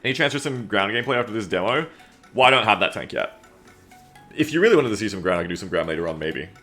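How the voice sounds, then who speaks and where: Bright-voiced man with a blended Anglosphere accent. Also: lowish voice, lively intonation, fast talker, soft background music. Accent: mixed Anglosphere, mildly Australian. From Australia. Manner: rambling and chatty, swears, reads chat aloud. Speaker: streamer. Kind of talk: casual gaming stream chat.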